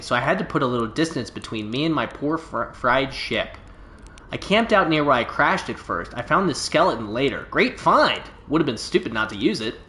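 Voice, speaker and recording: A man's voice: fairly high pitch, sharp tone. A man doing a boastful, drawling alien pilot. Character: boastful laid-back male alien pilot, stranded. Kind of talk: reading game dialogue aloud. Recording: roomy echo.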